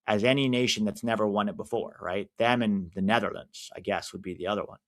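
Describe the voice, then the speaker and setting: An American man commenting casually on a live football match for his stream viewers, reacting loudly to big moments. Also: lowish voice. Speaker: watch-along streamer.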